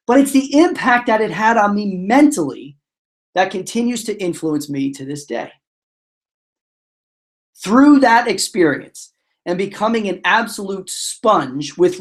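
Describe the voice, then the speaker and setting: A man presenting a motivational webinar, telling stories in a lively way and acting out the voices of the characters. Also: sits high. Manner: animated storyteller, acts out voices. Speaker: motivational speaker.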